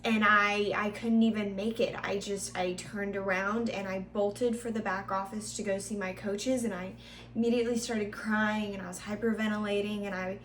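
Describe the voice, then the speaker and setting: A young woman co-hosting a podcast, telling a personal story earnestly in short, halting phrases. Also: mid-range voice, fairly even intonation, fairly bright tone. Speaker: podcast co-host. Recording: distant mic in an echoey room, faint hum.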